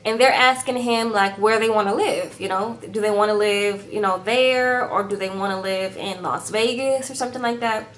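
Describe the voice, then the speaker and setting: A woman's voice: mid-range voice, normal speed, hardly any pauses, a bit bright, slight background noise. A woman recapping a reality show in a sassy, chatty tone, keeps tagging her sentences with "okay?" and calls her viewers "girl". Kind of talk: casual recap chat.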